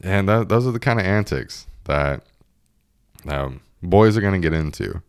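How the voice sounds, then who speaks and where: A man's voice: low-pitched, expressive, normal speed, smooth, dry recording, studio quality. A young man in his twenties casually telling a story, laughing often and acting out what his friends said.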